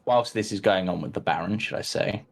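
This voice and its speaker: A man's voice: low voice, brisk, vocal fry. A man narrating as game master in a tabletop game, hesitant and full of ums while describing scenes.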